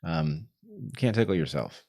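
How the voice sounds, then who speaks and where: A man's voice: low-pitched, sing-song, moderate pace, gravelly, dark tone. A man co-hosting a livestream podcast, talking in a musing, wry and playful way. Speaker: podcast co-host. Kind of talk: casual livestream conversation.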